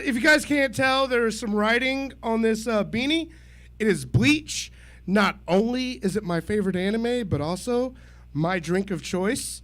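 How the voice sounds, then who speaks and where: A man's voice: sits high, a bit bright. A man in his thirties performing a self-deprecating stand-up set at a small open mic, laughing at his own jokes. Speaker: stand-up comedian. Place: small comedy venue.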